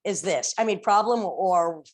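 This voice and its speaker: A woman's voice: on the low side, lively intonation, unhurried. A woman hosting a podcast, chatting casually with guests, often jumping in and laughing. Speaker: podcast host. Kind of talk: casual interview chat.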